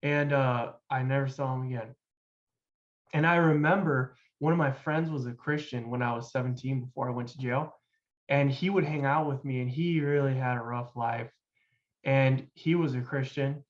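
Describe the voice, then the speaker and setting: A young man, a podcast guest, telling his life story casually with loose, halting phrasing and many fillers. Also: medium pitch, steady tone. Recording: dull lo-fi sound.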